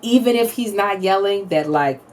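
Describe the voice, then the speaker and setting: A woman in her thirties co-hosting a podcast, telling animated family stories, acting out quotes and laughing often. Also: mid-range voice, moderate pace, distant mic. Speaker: podcast co-host. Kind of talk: casual chat.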